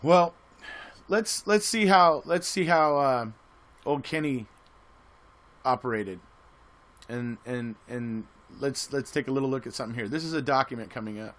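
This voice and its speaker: A man's voice: mid-range voice, normal speed, pauses often, fairly bright tone. Rambling man giving casual commentary. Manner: rambling, with frequent restarts and repeated words. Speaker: online commentator.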